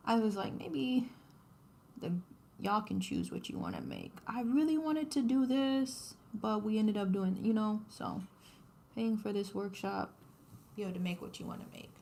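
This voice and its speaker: A woman's voice: mid-range voice, sing-song, unhurried, vocal fry, pauses often, slight background noise. A woman, chatting casually with her viewers on a craft livestream while she embroiders. She talks to her audience, laughs often and narrates her work as she goes.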